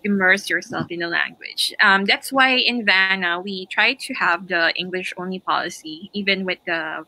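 A woman's voice: on the low side, normal speed, bright, forceful tone, poor audio. A woman with a Filipino accent, whose first language is Filipino, hosting a live stream in casual, encouraging chat and laughing between phrases over a video call. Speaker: host.

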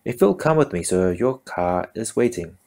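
A man's voice: lowish voice, measured pace, warm tone. A man voicing a cheerful, chatty middle-aged British woman who talks in an exuberant sing-song. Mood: gushing.

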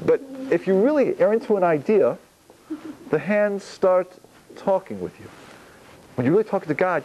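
A man, a rabbi, giving a Torah lecture on prayer, animated, posing questions and answering them himself. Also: sits high, normal speed, pauses often, a little hiss or hum, poor audio. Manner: animated, gestures while talking, asks and answers own questions.

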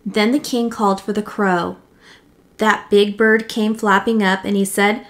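A woman teacher reading a picture book aloud to children, animated and doing voices for the animals. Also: medium pitch, a little slow. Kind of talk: storybook read-aloud for children.

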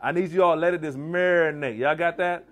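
A man with a fairly high voice and a Maryland accent runs a live cooking demo, bantering and quizzing the crowd as he works. His delivery is playful and lively, full of call and response. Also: fairly quick. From Washington DC / Maryland area, US. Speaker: chef giving a cooking demo. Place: church hall, in front of a live audience.

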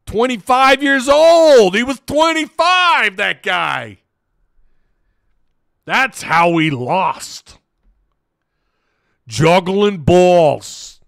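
A man putting on a slow, exaggerated Italian accent to play a hammy older male coach. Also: high voice, lively intonation, creaky, fairly bright tone, no room sound, clean studio sound, voice pushed up, full character voice. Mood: mocking. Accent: put-on Italian. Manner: slow, exaggerated, mocking drawl.

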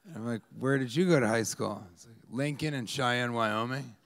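With a mid-range voice at an ordinary speed, a Colorado man does a meandering stand-up routine on a club stage, calling out crowd work and mimicking fans hollering at him.

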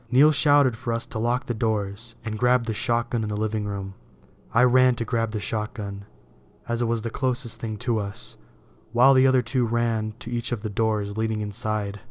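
A man at a middle pitch reads a first-person horror tale aloud. His narration stays steady and measured from line to line, the voice of a storyteller working through a script.

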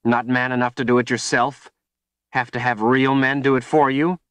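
A man's voice: medium pitch, animated, normal speed, dry recording, voice pushed up, close to an everyday voice. A man voicing a defiant captive young woman who taunts her captor with scorn, in an audiobook reading. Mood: taunting.

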